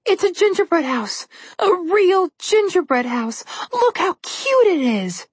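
Woman doing an eager, high-voiced young girl. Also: very animated, a little mellow, slightly rough, dry recording, heavily acted. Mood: excited. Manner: high and eager, drawn-out exclamations. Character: excited, curious young girl, impulsive. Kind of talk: storybook reading.

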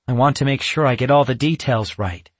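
A man voicing an anxious young boy in a storybook reading, talking earnestly and quickly. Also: mid-range voice, no echo, natural voice.

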